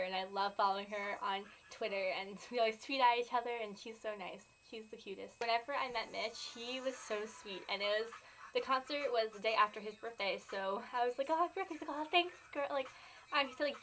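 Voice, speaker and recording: A nineteen-year-old woman vlogging, gushing excitedly about a band she loves, full of "like" and "oh my gosh". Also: fairly high pitch, slight background noise, rough recording. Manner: excitable, gushing, filler-heavy. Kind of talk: gushing fan vlog.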